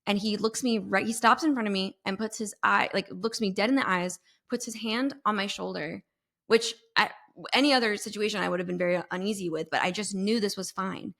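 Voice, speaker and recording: Woman podcast guest, lively and expressive storyteller, mid-pitched voice. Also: fairly quick, gravelly. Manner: animated, expressive, sings sound effects. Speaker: podcast guest, intuitive mentor. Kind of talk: storytelling in an interview.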